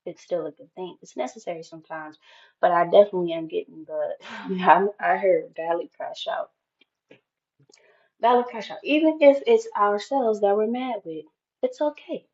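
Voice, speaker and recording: Woman tarot reader, slow and gravelly, emphatic and spiritual, dull lo-fi sound. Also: fairly low pitch, darkish tone. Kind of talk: intuitive tarot reading monologue.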